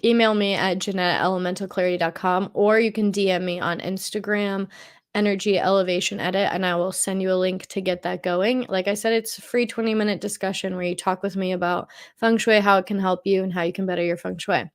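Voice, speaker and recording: A woman's voice: mid-range voice, steady tone, fairly quick, clear, resonant tone. A middle-aged woman consulting on feng shui, presenting a monthly forecast over slides in a chatty way, thinking aloud and repeating phrases as she searches for words.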